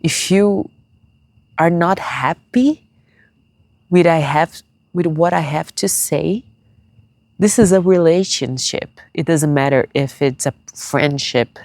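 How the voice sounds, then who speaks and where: A young woman talking to her viewers in a tearful personal vlog, halting and searching for words in English, which is not her first language. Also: low-pitched, a little mellow, dry recording. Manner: confiding, speaks straight to viewers. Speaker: vlogger.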